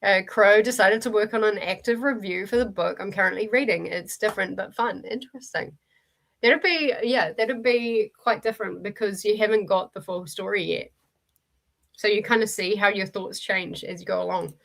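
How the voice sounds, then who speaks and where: Speaking at normal speed, this New Zealand woman has a gravelly, mid-range voice with a fairly bright tone. She's a streamer running a reading sprint, chatty and quick to laugh, stumbling into restarts and fillers as she reads the chat out loud.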